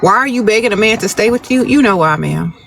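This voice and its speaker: A man with a notably high voice hosts a casual livestream, answering viewer questions with blunt, sassy, no-nonsense advice. He talks straight at his audience, and a faint background noise sits under the phone recording. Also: expressive, fast, creaky, fairly bright tone. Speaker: advice-giving livestream host. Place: outdoors, birds nearby.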